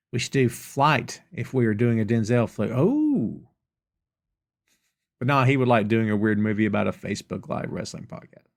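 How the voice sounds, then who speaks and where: Hosting a live Q&A podcast, a Southern US-accented man with a creaky, medium-pitched voice launches into casual, emphatic rants. He repeats lines to drive his points home.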